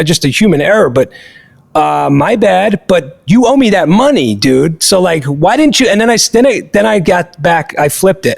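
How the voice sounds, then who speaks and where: A podcast host with a high, gravelly voice tells a story casually, speaking in an animated, emphatic way and swearing freely.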